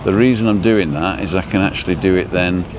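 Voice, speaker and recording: Brief: male livestream host, lowish voice, chatty and rambling, reads viewer comments aloud, street noise clearly audible behind him. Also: fairly quick. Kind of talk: casual live-stream chat. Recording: noisy outdoor street background.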